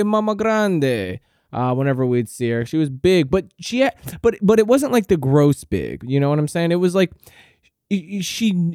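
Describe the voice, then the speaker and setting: A man hosting a podcast, telling a comic story in a profane, rambling monologue with deadpan exaggeration. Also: medium pitch, no room sound, clean studio sound. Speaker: podcast host.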